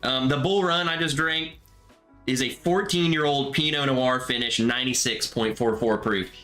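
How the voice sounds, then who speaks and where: A man chats loosely on a livestream, joking and cutting in on his co-host. His voice sits at an ordinary middle pitch. Faint music plays behind him. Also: moderate pace, bright, forceful tone. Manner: joking, talks over his co-host, reads chat aloud. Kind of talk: casual livestream chat.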